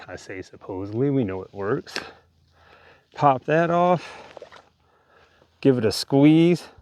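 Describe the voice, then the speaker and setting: A man vlogging on a hike outdoors, chatting casually while he shows off his gear. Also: mid-range voice. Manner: relaxed, chatty, demonstrating gear. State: breathing hard. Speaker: hiking vlogger. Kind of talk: casual outdoor vlog narration. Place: outdoors by a lake in the woods.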